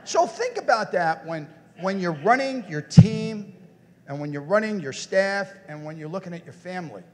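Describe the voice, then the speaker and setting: A man, a motivational speaker, giving an animated conference keynote and putting questions straight to his audience. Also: sits high, normal speed, long reverb tail.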